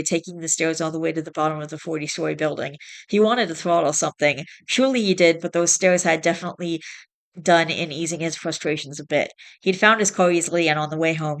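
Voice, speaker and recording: A woman with a fairly low voice reads a novel aloud. Her telling is plain and steady, and she stumbles over a word now and then. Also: quick pace. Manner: plain, steady storytelling with small slips. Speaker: reader.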